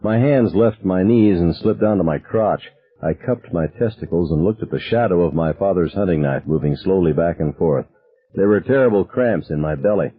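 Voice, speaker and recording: A man reading a novel aloud as a first-person narrator, in a measured, somber storytelling manner. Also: deep voice, expressive. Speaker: audiobook narrator. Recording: narrow phone-like sound.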